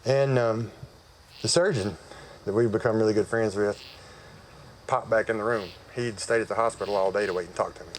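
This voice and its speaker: Man, lowish voice, folksy conversational testimony, outdoor service, faint insects behind. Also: steady tone, a little fast, a little hiss or hum, low-quality recording. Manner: folksy and conversational, with frequent fillers. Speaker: church member giving testimony. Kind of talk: personal testimony, storytelling.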